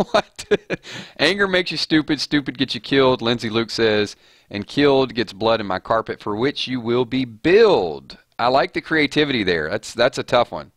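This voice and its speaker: A man's voice: medium pitch, lively intonation, moderate pace, fairly bright tone, no echo, clean studio sound. A man hosting a casual livestream, reading out viewers' rhymes and playfully judging them. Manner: playful, reads chat rhymes aloud and judges them. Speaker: livestream host.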